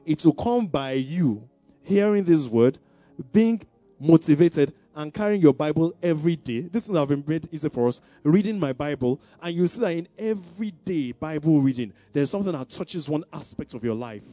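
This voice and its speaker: Dark-toned preaching man, dry sound. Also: a little high, lively intonation, moderate pace, no echo. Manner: call-and-response preaching, rising to emphatic declarations. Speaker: pastor. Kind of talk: sermon. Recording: dry sound with faint music behind.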